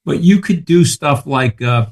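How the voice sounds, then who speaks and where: A man guesting on a podcast, telling rapid, profane stories full of asides and checking in with the listener. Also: a little high, animated, a little mellow. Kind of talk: casual chat.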